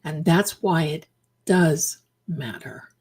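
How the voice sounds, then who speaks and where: A middle-aged woman hosts a casual livestream at an unhurried pace. She talks emphatically and repeats her lines for effect, calling her viewers darlings. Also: low-pitched, a little mellow, breathy edge. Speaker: livestream host.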